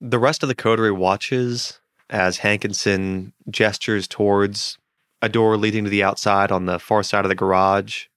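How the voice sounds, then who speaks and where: A man's voice: fairly low pitch, fairly even intonation, moderate pace, a bit bright, clear, resonant tone, dry recording, studio quality. A man running a tabletop game as game master, describing scenes with jokey asides.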